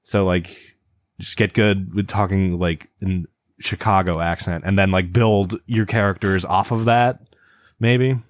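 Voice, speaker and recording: A man's voice: low voice, steady tone, measured pace, dry recording. A young man from the American Midwest, co-hosting a podcast in a rambling, filler-heavy casual chat. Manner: rambling, many restarts and fillers. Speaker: podcast co-host.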